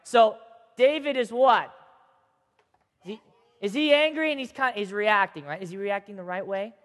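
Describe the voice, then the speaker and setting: A man teaching a group of kids, telling a Bible story in a chatty, animated way and checking in with them often. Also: sits high, moderate pace. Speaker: youth teacher. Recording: long hall reverb.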